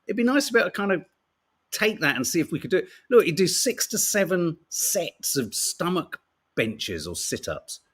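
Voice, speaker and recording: A man's voice: high voice, big pitch swings, normal speed, a bit bright, husky. A middle-aged British man hosting a podcast, chatting wryly through newspaper stories with casual swearing and laughter. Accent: British English. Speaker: podcast host reading the papers. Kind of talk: casual chat.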